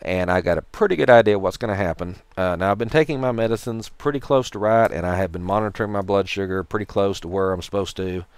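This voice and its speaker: A man's voice: deep voice, quick pace, hardly any pauses, clean tone, no echo. A man with a Tennessee accent talking to the camera in a casual vlog, telling a rambling story with wry, dry sarcasm. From Tennessee, USA. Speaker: vlogger.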